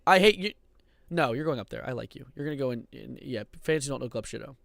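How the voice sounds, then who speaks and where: A young man streaming casual commentary, excitable and rambling, swearing and breaking into sudden loud outbursts. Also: mid-range voice, fast talker, creaky, dry recording, studio quality.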